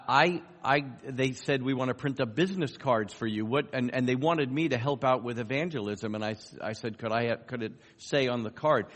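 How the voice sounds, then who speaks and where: A middle-aged man from New York with a light American accent, giving a conference talk with dry, self-deprecating humor and halting restarts. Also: mid-range voice, a bit bright. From New York, USA. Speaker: guest speaker on evangelism. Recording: long hall reverb.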